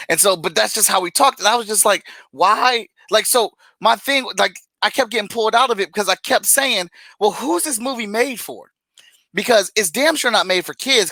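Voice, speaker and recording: A man co-hosting a casual podcast chat, ranting in an animated, exasperated way and laughing between points. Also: high voice, no echo, low-quality recording. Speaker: podcast co-host.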